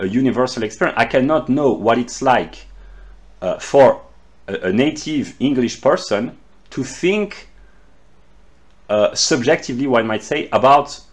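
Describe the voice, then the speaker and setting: A man from France with a French accent, speaking English as a second language and giving an unscripted philosophy lecture, often halting and repeating words. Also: medium pitch.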